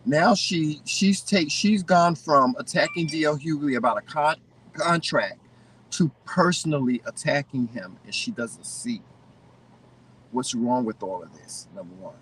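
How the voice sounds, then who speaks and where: A man co-hosting a casual chat, giving opinions in an animated way and often restarting his sentences. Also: on the high side, measured pace, far from the mic, slight background noise, poor audio. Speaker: co-host.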